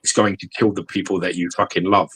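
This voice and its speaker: A man's voice: low-pitched, flat delivery, quick pace, fairly bright tone, husky, rough recording. A man chatting casually on a podcast, retelling a story loosely with lots of swearing. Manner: loose and sweary, with many fillers. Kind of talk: casual chat.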